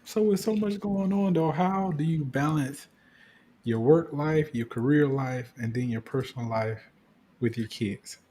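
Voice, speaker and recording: Slow-talking man hosting a podcast. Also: a little high, dark tone, a little hiss or hum. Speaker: podcast host. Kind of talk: interview questions.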